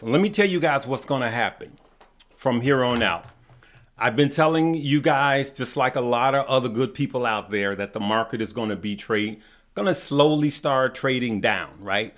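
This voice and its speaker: A man hosting a casual stock market livestream, greeting viewers one by one by name. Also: medium pitch. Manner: unhurried, shout-outs to viewers by name.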